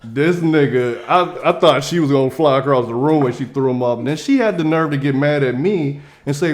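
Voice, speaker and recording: A man's voice: fairly high pitch, a little fast, hardly any pauses. A young man telling a comedic story in a casual way, acting out the quoted lines in different voices.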